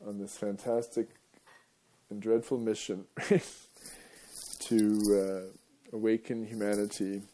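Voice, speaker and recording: A man's voice: lowish voice, little pitch movement, takes it slowly, warm tone, a little hiss or hum. A male radio host talking in a casual, rambling monologue, wandering off topic and chuckling often.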